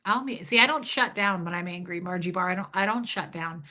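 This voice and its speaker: A woman's voice: fairly low pitch, fairly quick, pushed and bright. A woman hosting a casual livestream, talking candidly and emphatically while answering viewer chat, swearing freely and often repeating herself.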